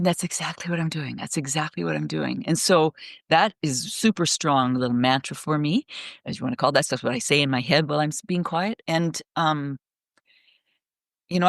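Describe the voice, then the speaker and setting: A middle-aged woman on a remote call, telling stories in a rambling, animated way, full of restarts. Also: deep voice, no room sound, clean studio sound. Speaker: guest speaker. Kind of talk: casual podcast conversation.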